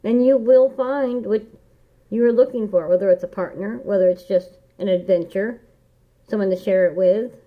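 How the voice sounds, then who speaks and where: A medium-pitched female tarot reader speaks at a moderate pace during a casual session. Earnest and encouraging, she keeps repeating key phrases like a mantra. The audio is a dull lo-fi home recording.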